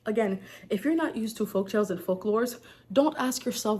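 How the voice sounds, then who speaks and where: A woman's voice: on the high side, moderate pace, darkish tone. A woman with an accent telling folktales in a casual, chatty way, breaking off for jokes and asides. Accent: non-native English accent. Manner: chatty, digressive, joking. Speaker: folktale storyteller.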